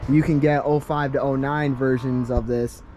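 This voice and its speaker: A man giving a casual walkaround of his car outdoors, talking in a halting way with many ums and restarts. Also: mid-range voice, little pitch movement, dark tone, slight background noise. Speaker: car vlogger.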